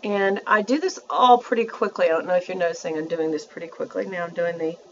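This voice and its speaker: A woman's voice: fairly low pitch, steady tone, fast, highs cut off, slight background noise. Chatty woman doing a makeup tutorial. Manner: chatty, self-narrating, addresses viewers as y'all. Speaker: beauty vlogger.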